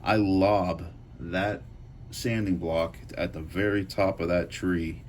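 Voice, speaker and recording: A man's voice: sits low, fairly even intonation, slow pace, darkish tone, a little hiss or hum. A man hosting a knife channel, telling a loose, profane story to the camera, full of fillers and asides.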